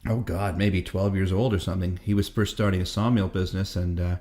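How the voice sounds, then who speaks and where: A man's voice: low voice, fairly even intonation, brisk, a little mellow. Rambling man in his fifties. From Canada. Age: 50s. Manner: profane, rambling storyteller. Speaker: guest musician. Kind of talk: casual interview chat.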